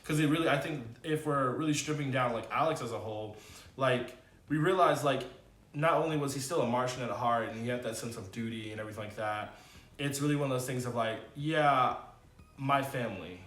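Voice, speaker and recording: A man giving a casual, animated spoken TV review, with loose slangy talk and many fillers. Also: quick pace, roomy sound. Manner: animated, swings into high excited exclamations. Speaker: TV review vlogger.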